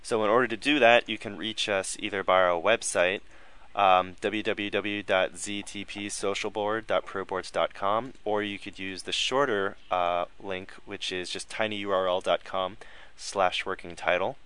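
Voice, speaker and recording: A man hosting a casual podcast, talking loosely with fillers and quick self-corrections. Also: deep voice, fairly even intonation, sharp tone, clean tone. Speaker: podcast host.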